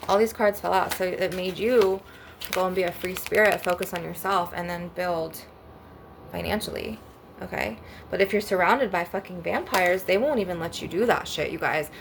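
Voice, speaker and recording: A woman's voice: lowish voice, normal speed, gravelly, noisy background. A young woman rambling bluntly and profanely through a casual storytime rant on her spiritual channel. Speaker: spiritual vlogger.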